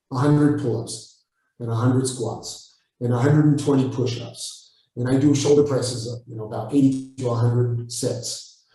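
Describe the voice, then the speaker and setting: A man with an Israeli accent answering interview questions, blunt and forceful, swearing freely. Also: mid-range voice. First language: Hebrew. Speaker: Krav Maga instructor, guest. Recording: echoey room, far from the mic.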